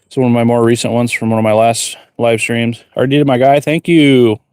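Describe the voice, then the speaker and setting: Man, blacksmith streamer. Casual, rambling chat at a mid-range pitch, with a dry close sound. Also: level tone, brisk, a little mellow, clear, resonant tone, no room sound. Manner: laid-back, rambling, reads viewer questions aloud. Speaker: blacksmith livestreamer. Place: forge workshop.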